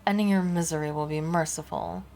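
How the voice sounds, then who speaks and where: A woman voicing a menacing, aloof male alien harlequin in a game, speaking slowly and with contempt. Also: sits low, steady tone, vocal fry, a little mellow. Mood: contemptuous. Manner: slow, contemptuous, grandiose speech. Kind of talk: reading game dialogue aloud.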